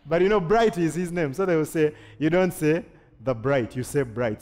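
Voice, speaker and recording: Animated preacher in a reverberant hall. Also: male voice, on the high side, unhurried, pauses often. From Kenya. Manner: animated preaching with jokes and acted-out quotes. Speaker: pastor. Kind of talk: sermon.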